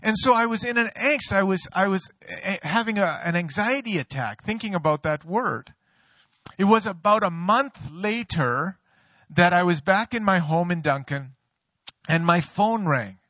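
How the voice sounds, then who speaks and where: A middle-aged pastor delivers his sermon in a high, bright voice. He tells stories with a playful, joking touch. The sound is dry and close. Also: expressive, moderate pace, dry recording. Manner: storytelling, playful, laughs at own jokes.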